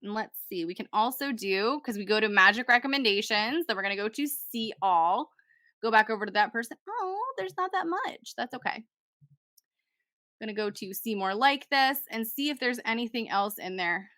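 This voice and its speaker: Bright, chatty young woman tutorial host. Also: mid-range voice, normal speed, dry recording, clean studio sound. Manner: chatty, talks to herself while working, self-deprecating. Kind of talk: casual screen-recorded software tutorial.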